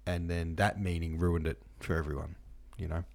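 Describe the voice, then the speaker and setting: A man hosts an easygoing book podcast, his low voice steady and his pace moderate. He reads listener comments and excerpts aloud and reflects on them with many ums and asides.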